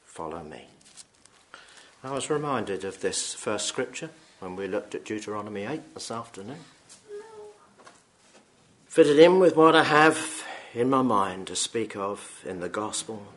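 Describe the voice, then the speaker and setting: A man's voice: lowish voice, a bit bright. Solemn man reading scripture. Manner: slow, solemn reading with throat-clearing. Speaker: preacher.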